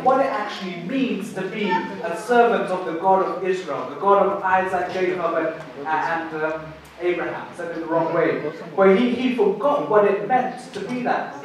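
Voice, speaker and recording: A man preaching a sermon, telling a story in an animated way and repeating words as he builds a point. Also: high voice, far from the mic. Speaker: pastor. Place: church hall. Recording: echoey church hall from afar.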